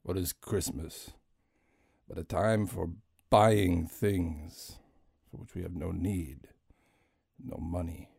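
A man's voice: low voice, steady tone, slow pace, gravelly, long pauses, darkish tone, breathy edge, dry recording, clean studio sound, pitched below the performer's own voice, full character voice. A man voicing Scrooge, a miserly grumbling old man who hates Christmas, in a theatrical put-on accent that wanders. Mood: scornful.

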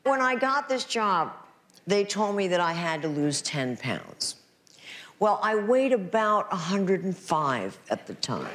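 A woman's voice: fairly low pitch, sing-song, unhurried, fairly bright tone. A woman, an actress, telling self-mocking stories to an audience with punchy comic timing, from archival clips with laughter behind.

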